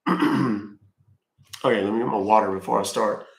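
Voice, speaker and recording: A man's voice: on the low side, normal speed, creaky, reverberant. A man hosting a live stream, chatting casually and joking as he reads viewer comments aloud. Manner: chatty, joking, talks to chat.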